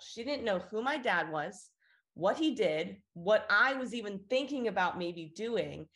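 A woman's voice: mid-range voice, slow. A woman in her twenties from Florida, an interview guest earnestly telling a personal story and acting out the people in it. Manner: earnest, acts out quoted voices with lively shifts.

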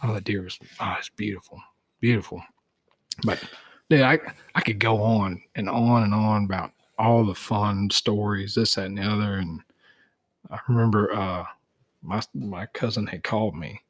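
A middle-aged man spins an animated yarn on a podcast, slipping into the voices of the people in his story. His voice sits low and sounds a little husky. The sound is close and dry, with no room around it. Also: normal speed, no room sound. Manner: animated, acts out dialogue in stories. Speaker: guest, dog tracker for wounded deer. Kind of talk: casual storytelling.

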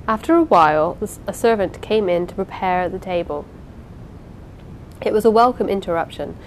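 A woman reading a classic novel aloud in a measured, expressive way, pausing now and then. Her voice sits at an ordinary middle pitch, with a faint low hum behind her. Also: low-quality recording. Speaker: audiobook reader. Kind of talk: unhurried amateur audiobook narration.

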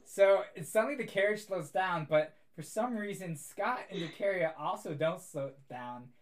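This is a young adult game master narrating a tabletop game among friends. The delivery is casual and amused and full of little fillers, and the pitch sits in a middle range. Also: expressive, moderate pace.

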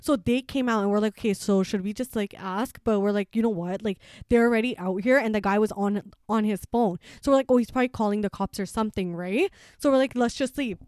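A woman in her twenties chatting casually, telling animated stories and acting out what her family said. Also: medium pitch, quick pace, hardly any pauses, no room sound, studio quality. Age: 20s. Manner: animated storyteller, acts out family quotes, laughs often. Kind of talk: casual chat.

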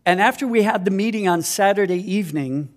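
In a slightly high male voice and at a somewhat fast pace, a fifty-something missionary from Minnesota, USA, tells the story of his personal testimony, earnest and self-deprecating throughout.

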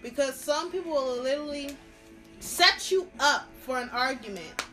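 A woman's voice: sits high, lively intonation, moderate pace, bright, forceful tone, faint music behind. A woman co-hosting a podcast in casual chat, earnest and emphatic as she gives advice. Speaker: podcast co-host.

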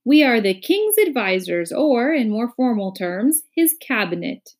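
A woman voicing an impatient, pompous male royal minister in a storybook reading, with loud, formal declaiming. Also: on the high side, big pitch swings, a little slow, voice pushed up.

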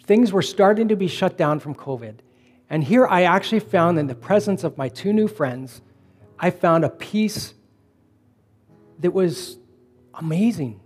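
A middle-aged man preaching a conversational sermon, telling personal stories in a relaxed way and slowing down to stress points. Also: high-pitched, slightly rough, faint music behind. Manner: relaxed storytelling, slowing for emphasis. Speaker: pastor.

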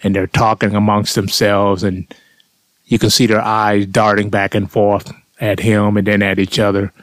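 Low-voiced blunt storytelling man. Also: level tone, moderate pace, fairly bright tone, no echo. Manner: blunt, profane, conversational with "man" tags. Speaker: storyteller vlogger. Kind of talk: casual comic storytelling monologue.

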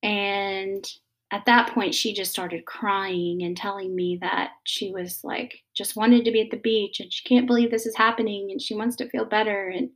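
A woman, in her thirties, talking casually and gently about parenting, with many pauses and fillers. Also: mid-range voice, steady tone. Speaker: mother giving parenting advice. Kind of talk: casual advice talk.

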